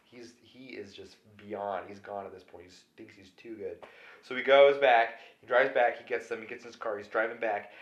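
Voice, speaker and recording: A man's voice: lowish voice, moderate pace, muffled recording. Drunk man rambling in an echoey room. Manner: loose, rambling, swinging loud and quiet. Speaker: drunk movie recapper. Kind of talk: rambling comedic film recap.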